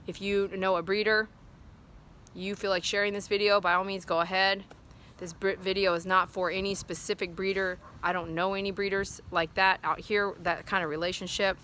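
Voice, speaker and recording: A woman's voice: mid-range voice, flat delivery, moderate pace, bright, forceful tone. A woman with a mid-range voice talks straight to her viewers in a loose, rambling way, heartfelt and earnest. She is a dog groomer recording outdoors at sundown, with faint noise in the background. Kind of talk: casual vlog talk to viewers.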